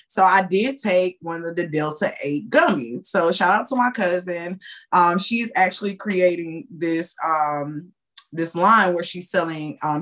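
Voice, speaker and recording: A woman guest on a podcast, a tarot reader telling a story in a lively, chatty way with loose, slangy phrasing. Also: medium pitch. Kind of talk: casual storytelling.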